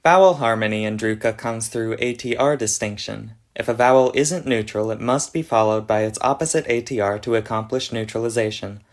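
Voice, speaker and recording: A man's voice: lowish voice, brisk, hardly any pauses. A man narrating a scripted explanation of an invented language, with a dry, mock-serious delivery. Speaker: conlang video narrator.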